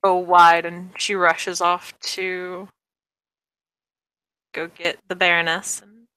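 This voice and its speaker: Blunt woman game master, bright tone, casual narration, swears freely. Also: fairly low pitch, completely flat delivery, takes it slowly, smooth, dry recording, rough recording.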